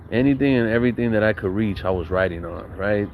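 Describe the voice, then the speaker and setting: Slangy, profane young man with a low voice. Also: fast talker, narrow, tinny audio, a little hiss or hum. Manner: slangy, profane, laughs often, acts out quotes. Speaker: storyteller recounting his youth. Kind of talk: casual storytelling monologue.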